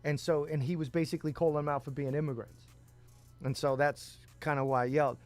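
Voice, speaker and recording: A man's voice: a little high, steady tone, a little fast, faint music behind. A man co-hosting a casual talk show, telling rambling stories, laughing often and swearing. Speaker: podcast co-host. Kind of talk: casual chat.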